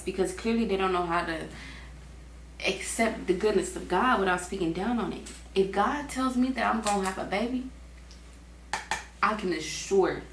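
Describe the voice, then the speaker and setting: A woman's voice: medium pitch, fairly bright tone. Young woman, casual Bible reading, slangy asides, echoey room, faint hum. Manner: reads scripture aloud and breaks off for chatty slang asides.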